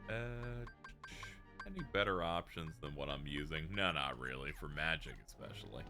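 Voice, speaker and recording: Low, relaxed male streamer; casual banter over loud game music. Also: moderate pace. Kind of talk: casual chat while gaming.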